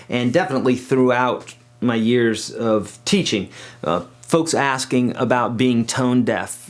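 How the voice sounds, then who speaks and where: A chatty middle-aged man teaching a casual guitar lesson from his home studio, with a mid-pitched voice. He talks loosely, restarts his sentences and leans on fillers as he explains. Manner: sings pitches to demonstrate.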